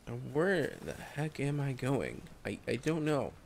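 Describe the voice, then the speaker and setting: Dude narrating his survival game, slow and easy, goes oh hell no at stuff. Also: mid-range voice, big pitch swings, vocal fry, a little hiss or hum. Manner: casual, exclaims at surprises. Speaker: gameplay commentator. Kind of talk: solo gameplay commentary.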